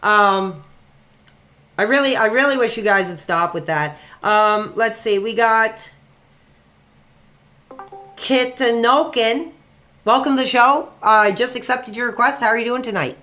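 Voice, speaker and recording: A man hosting a livestream and taking calls, chatty and excitable, quick to flare up. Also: extremely high pitch. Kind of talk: casual call-in chat.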